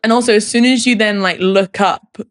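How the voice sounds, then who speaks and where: A young woman co-hosting a podcast, a doctor telling stories in quick, chatty bursts full of "like". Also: medium pitch, steady tone. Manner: rapid chatty storytelling with lots of "like". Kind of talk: casual chat.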